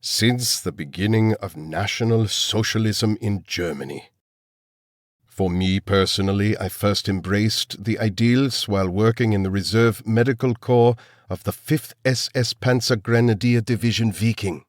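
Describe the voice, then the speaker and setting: A man voicing a cold, menacing elderly male villain scientist, speaking slowly and calmly. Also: lowish voice, dry recording, studio quality, lightly acted. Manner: calm, menacing, slow.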